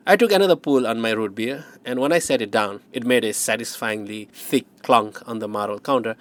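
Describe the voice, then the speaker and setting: Male audiobook narrator, wry and measured. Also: mid-range voice, a bit bright.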